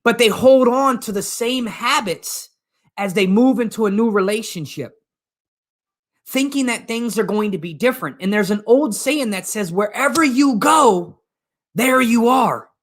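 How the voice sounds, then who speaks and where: This man's high voice moves at a normal speed. As a motivational coach on a live stream, he addresses his audience directly, earnest and emphatic, repeating phrases again and again.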